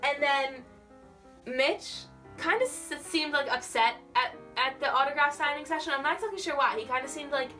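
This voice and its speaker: A young woman vlogger telling a story in a gushing, excitable way, full of "like". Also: sits high, moderate pace, far from the mic, soft background music. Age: young adult. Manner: gushing, excitable, heavy use of "like". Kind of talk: casual storytelling.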